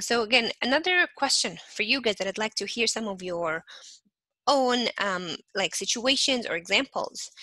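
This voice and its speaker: A woman's voice: mid-range voice, pushed and bright, no echo, rough recording. A young woman instructor giving a recorded lecture, often repeating "again" and acting out short examples. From not from Canada.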